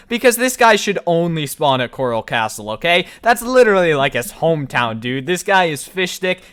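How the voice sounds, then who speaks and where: A man's voice: fairly high pitch, sharp tone, clear, resonant tone. Chatty man narrating a game guide. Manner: chatty, talks straight to viewers with asides. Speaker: video game guide host. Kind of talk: casual gameplay walkthrough voice-over.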